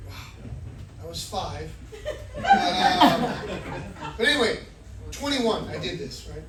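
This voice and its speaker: A man doing stand-up, telling a self-mocking story with animated energy. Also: sits high, slow, far from the mic, heavy background noise. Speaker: stand-up comedian. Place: comedy club, indoors. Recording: roomy club from afar, loud crowd. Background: audience laughter.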